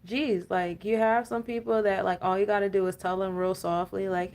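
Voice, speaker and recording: A woman's voice: mid-range voice, steady tone, brisk, hardly any pauses, darkish tone. A woman giving a casual, rambling astrology and tarot talk, full of fillers and laughing rants. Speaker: spiritual coach and tarot reader.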